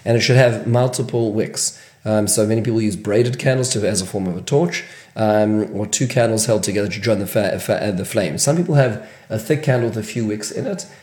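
Male rabbi-teacher, lower register, informal Q&A lesson delivery with restarts, roomy echo. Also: brisk, a little mellow. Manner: question-and-answer delivery with frequent restarts and fillers. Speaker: rabbi teaching Jewish law. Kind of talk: Q&A-style halachic lesson.

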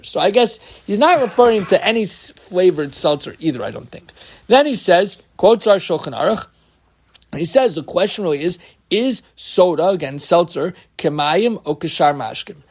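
A man teaching a Torah class as a rabbi, reading Hebrew sources aloud and translating them line by line, and putting questions to his listeners. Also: high voice. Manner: lively, asks the listeners questions.

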